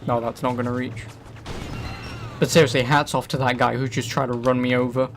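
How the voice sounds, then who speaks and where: An English man chatting casually while he plays, rambling and swearing with a jokey tone. His pitch sits mid-range, with faint background noise behind him. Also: flat delivery, brisk. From England. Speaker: streamer. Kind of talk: casual gaming commentary.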